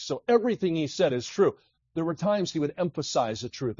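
A man preaching a revival sermon in a church, reading scripture with rising emphasis and sinking low and quiet to pray. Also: husky, no echo, muffled recording. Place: church meeting hall.

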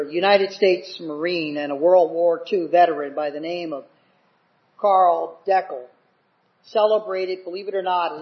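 An older man preaching a sermon with fervent, emphatic delivery that builds to dramatic swells. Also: on the high side. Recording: dull lo-fi recording.

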